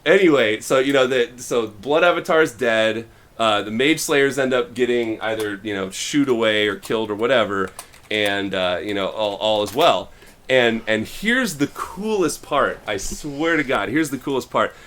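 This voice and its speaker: A man co-hosting a podcast, casually retelling a story and acting out the characters' lines in quick little voices. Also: on the low side, a bit bright, a little hiss or hum. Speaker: podcast co-host.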